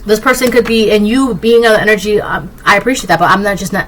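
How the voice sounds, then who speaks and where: A woman giving a casual collective tarot reading, rambling and excitable, often tagging her points with "right?". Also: mid-range voice, fast talker, a little hiss or hum, poor audio. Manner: keeps asking "right?". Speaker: tarot reader.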